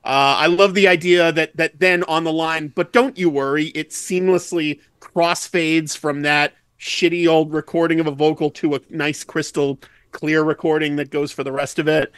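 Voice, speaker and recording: A man talking as a guest musician on a casual podcast, chatty and joking with quick digressions. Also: on the high side, level tone, a bit bright, clean tone, no room sound, studio quality.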